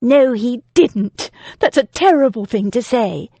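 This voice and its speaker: A woman's voice: fairly high pitch, sing-song, measured pace, breathy edge, dry recording, voice pushed up, full character voice. A woman voicing a composed, defiant young heroine who speaks coolly and firmly. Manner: cool and firm, gentle.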